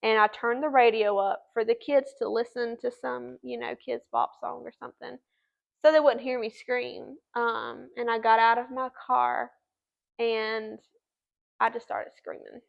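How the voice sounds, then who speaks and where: A woman's voice: a little high, steady tone, a little slow, gravelly, dull audio. A woman, telling her personal story to a host in an earnest, chatty way. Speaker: guest.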